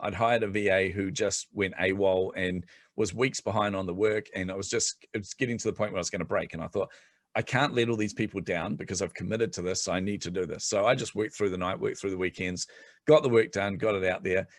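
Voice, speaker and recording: Fast-talking man telling stories. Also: low voice, no room sound. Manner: fast, animated storytelling, laughs often. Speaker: guest entrepreneur. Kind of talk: casual podcast chat.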